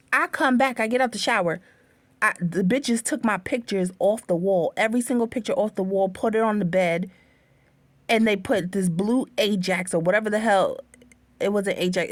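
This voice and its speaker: A woman's voice: mid-range voice, dry recording. Woman ranting a story into her phone, cussing a lot, very dry close sound. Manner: animated, profane, addresses viewers as honey bunnies. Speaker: livestream host. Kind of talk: casual storytelling to viewers.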